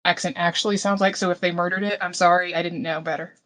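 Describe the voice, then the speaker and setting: A woman's voice: fairly low pitch, steady tone, fast, a bit bright. A woman talking in a casual book-club chat, giving her views thoughtfully and hedging them with small restarts.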